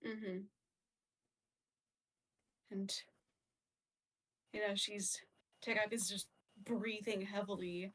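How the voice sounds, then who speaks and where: A woman narrates her character's actions in a tabletop game session. She talks slowly and haltingly, leaning on fillers. Her voice is picked up from a distance. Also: medium pitch, little pitch movement, a bit bright. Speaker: player.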